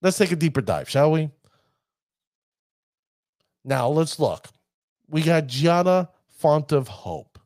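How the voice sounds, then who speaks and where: A man giving casual commentary on a card game deck, chatty and addressing his viewers as ladies and gentlemen. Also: a little high, animated, takes it slowly, long pauses, no room sound, clean studio sound.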